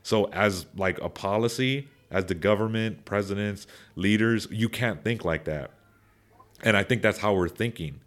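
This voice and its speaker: A young man with a lowish voice talks through his opinions in loose podcast chat. He rambles, restarts sentences and repeats words, then speeds up or gets louder when he makes a point. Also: normal speed.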